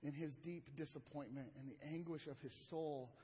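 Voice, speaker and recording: A male pastor delivers a sermon in a fairly high, husky voice. He swings between loud, emphatic lines and hushed, slow ones. The sound carries a long reverb from a large hall. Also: steady tone.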